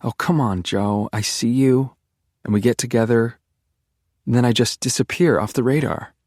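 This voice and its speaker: Man putting on a young woman's voice, weary, tearful, raised pitch, dry close sound. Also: normal speed, a little mellow, no room sound, close to an everyday voice. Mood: pleading.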